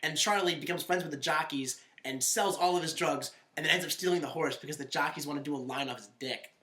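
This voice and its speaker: A podcast co-host in casual chat, excitable, who often breaks into quoting lines and laughing. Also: medium pitch, quick pace, roomy sound.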